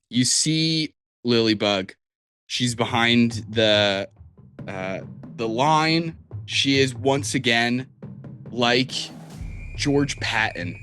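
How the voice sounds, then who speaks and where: A man's voice: medium pitch, sharp tone. A man narrating as game master, explaining the world in a casual, rambling way. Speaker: dungeon master.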